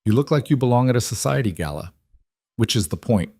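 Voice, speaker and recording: A man voicing a calm, controlled mafia boss who speaks low and evenly. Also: a little fast, no echo, studio quality.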